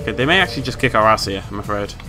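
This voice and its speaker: A British man giving playful, excitable commentary on a game he is playing, humming tunes and yelping with glee. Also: lowish voice, racing. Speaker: gameplay commentator. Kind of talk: casual let's-play commentary. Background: game music.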